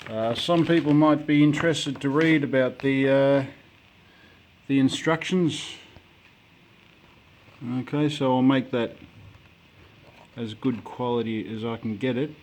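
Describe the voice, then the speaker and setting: A man's voice: mid-range voice, measured pace, pauses often, a little mellow, slight background noise. A man talking casually through a home repair job, rambling with lots of ums and restarts. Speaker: home DIYer. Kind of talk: casual DIY walkthrough.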